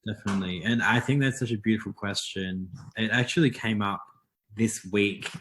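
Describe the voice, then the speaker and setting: A young man speaks softly and reflectively as a podcast guest, his voice sitting a little low. He often restarts his sentences as he chats casually. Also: moderate pace. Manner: soft-spoken, reflective, with frequent restarts. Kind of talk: casual conversational interview.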